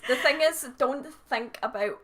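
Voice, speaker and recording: A woman's voice: high-pitched, moderate pace, a bit bright, slight background noise. A young Scottish woman chatting casually as co-host, blunt and teasing, laughing easily. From Scotland. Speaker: co-host and timekeeper. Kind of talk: casual chat.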